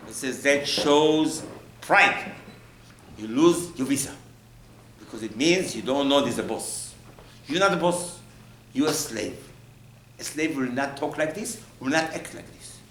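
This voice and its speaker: Animated rabbi preaching in an echoey room. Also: male voice. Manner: animated, acts out mocking voices, jumps high in pitch. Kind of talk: sermon. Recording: echoey room with faint ambient noise.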